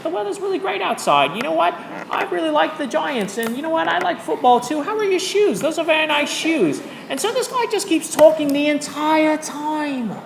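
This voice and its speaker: A teacher telling a classroom story in a deliberately bad put-on British accent that drifts toward Australian, with an exaggerated, sing-song, self-mocking delivery. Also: mid-range voice, voice pushed up. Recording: echoey classroom, faint background noise.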